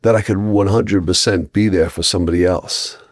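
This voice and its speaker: A middle-aged man, a guest on a podcast, tells stories casually in a rambling way, with many restarts and lively quoted voices. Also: deep voice, normal speed, no room sound, clean studio sound.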